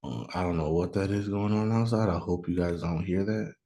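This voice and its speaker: Low-voiced man musing over a mock draft. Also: brisk, warm tone. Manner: thinks aloud, chatty, sudden mock outrage. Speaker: podcast host doing a mock draft. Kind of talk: casual solo commentary. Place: room at home, noise outside.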